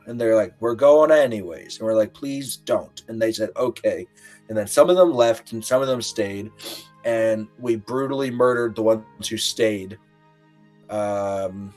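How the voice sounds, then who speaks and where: A man recapping a tabletop game session in a rambling, halting way with lots of fillers, acting out quotes. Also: lowish voice, darkish tone. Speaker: player recapping the last session.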